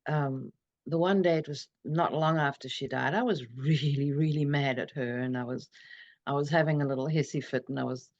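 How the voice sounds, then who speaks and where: A middle-aged woman, an interview guest, telling her own story in a reflective, earnest, halting way over a video call. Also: deep voice, darkish tone, muffled recording. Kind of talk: personal storytelling in a conversation.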